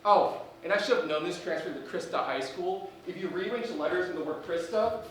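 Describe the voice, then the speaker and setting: A man's voice: high-pitched, brisk, fairly bright tone, slight background noise. A man doing a solo comedy monologue as a student, wry and dry, with reflective turns. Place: live theater stage. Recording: echoey stage from a distance.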